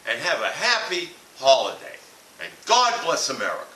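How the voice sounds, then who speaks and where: A man's voice: medium pitch, wildly swooping pitch, moderate pace, pushed and bright. A man telling a blunt, profane comic rant about a family vacation. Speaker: comedic ranter. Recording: echoey room from far off with hiss.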